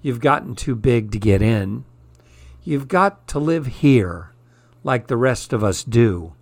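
A man hosting a radio program, reading children's stories and poems aloud with expressive delivery. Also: medium pitch, slow, no room sound.

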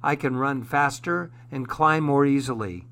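A man's voice: mid-range voice, unhurried. A man voicing an eager, pleading little boy in a read-aloud storybook. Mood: hurt. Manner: excited, pleading. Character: eager little boy who loves skirts.

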